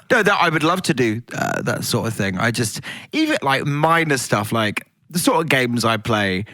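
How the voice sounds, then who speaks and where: A man's voice: medium pitch, very animated, normal speed, sharp tone, no echo, clean studio sound. A man chatting as a podcast guest, giggly and theatrical, often slipping into silly voices. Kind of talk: casual chat.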